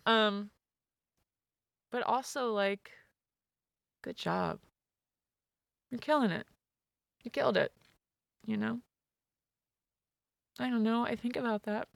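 Gravelly, chatty woman in her forties. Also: a little high, very animated, slow, long pauses, no echo, studio quality. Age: 40s. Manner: chatty, rambling and emotional. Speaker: podcast guest, actress. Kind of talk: candid casual chat.

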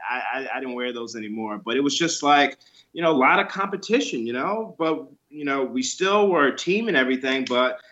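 Man: Bright, animated storyteller. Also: mid-range voice, brisk, highs cut off. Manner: animated storyteller, acts out quotes with voices. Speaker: podcast guest, former wrestler. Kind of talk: casual interview chat.

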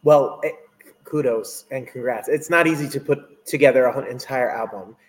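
A man's voice: mid-range voice, moderate pace, rough recording. A man with a New Jersey accent hosting an interview, asking questions and promoting his guest's album with upbeat emphasis.

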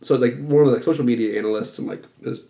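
A man's voice: mid-range voice, racing, gravelly, mellow. A man hosting a podcast in casual chat with his co-hosts, joking and rambling. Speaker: podcast host. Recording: roomy echo.

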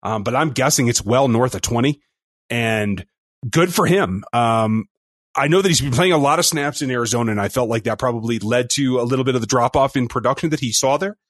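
A man co-hosting a sports podcast, talking through a game in an upbeat, quick, casual way. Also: mid-range voice, dry recording, clean studio sound. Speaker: podcast co-host.

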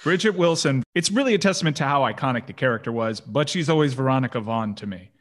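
A man's voice: medium pitch, lively intonation, quick pace. A man co-hosting a casual movie chat, joking and playful. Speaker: podcast co-host.

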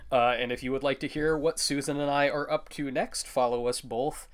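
A man co-hosting a podcast in casual chat, animated and jokey, laughing often. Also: medium pitch, moderate pace. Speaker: podcast co-host.

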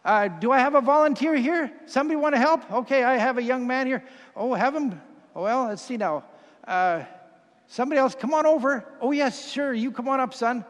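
High-voiced preacher in a reverberant hall. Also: male voice, fairly quick. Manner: folksy, swings to loud emphatic preaching. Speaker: pastor. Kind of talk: sermon with audience participation. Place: church hall with congregation.

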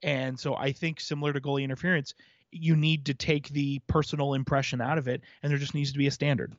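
A man's voice: mid-range voice, little pitch movement, fast, dry recording, dull audio. A man co-hosting a hockey podcast in casual chat, laying out his points at length in an analytical way. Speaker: podcast co-host.

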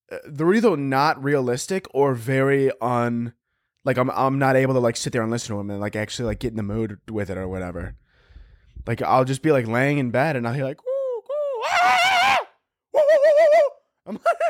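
A young man hosting a podcast, riffing in a profane, rambling comic monologue and often breaking into squeaky impressions. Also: no room sound, clean studio sound. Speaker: podcast host.

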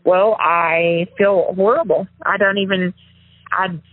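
A woman's voice: on the low side, fairly even intonation, slow pace, no echo. Woman rambling over a tinny phone line. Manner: rambling, self-interrupting, confessional. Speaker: interviewee, former prank caller. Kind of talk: casual interview.

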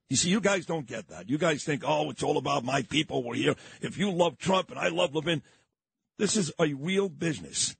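A combative man with a New York accent runs a morning radio talk show, hammering his points again and again. His voice sits fairly high and swings widely in pitch, with a husky edge. The studio sound is close and dry. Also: no echo. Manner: combative, indignant, repetitive. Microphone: studio microphone.

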